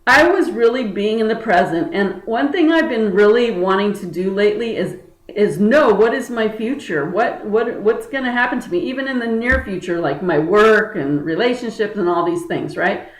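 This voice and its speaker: A woman's voice: medium pitch, moderate pace. Chatty woman energy healer, roomy echo. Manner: earnest and chatty, full of "like" and restarts. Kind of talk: casual spiritual talk to camera.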